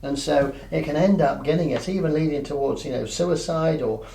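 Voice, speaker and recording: A man's voice: a little high, normal speed, creaky, warm tone. A man coaching a group on mindfulness in a conversational way, often checking that they follow. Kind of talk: teaching a group session. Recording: echoey room, mic at a distance.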